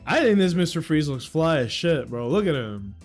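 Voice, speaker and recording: A young man rambles casually on his livestream, swearing and breaking into loud outbursts. His voice sits a little high, with faint music underneath. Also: normal speed. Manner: excitable, swearing, with sudden loud outbursts and laughs. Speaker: streamer.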